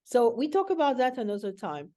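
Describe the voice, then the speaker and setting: A woman's voice: a little high, very animated, a little fast, dark tone. A woman life coach hosting a casual coaching chat, speaking in an earnest, reflective way.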